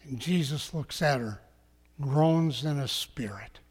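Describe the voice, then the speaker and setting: A man preaching a sermon as a pastor, slow and emphatic, sometimes dropping to a hush. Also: medium pitch, husky. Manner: slow, emphatic preaching that drops to hushed tones. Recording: long echoing hall.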